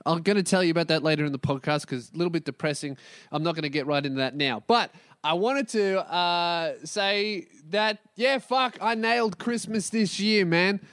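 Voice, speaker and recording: A young man rants loudly on his own podcast, swearing constantly and hopping from one topic to the next. His voice sits fairly high, and the recording is dry with no room sound. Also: normal speed, clean tone, no echo. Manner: profane, yelling and ranting, jumps between topics. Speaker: podcast host. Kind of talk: solo comedic podcast rant.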